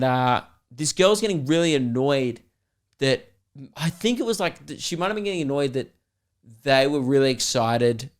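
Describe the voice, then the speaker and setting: A young Australian man, a comedian and podcast host, telling an animated, rambling story with lots of swearing. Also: medium pitch, clear, resonant tone. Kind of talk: casual storytelling.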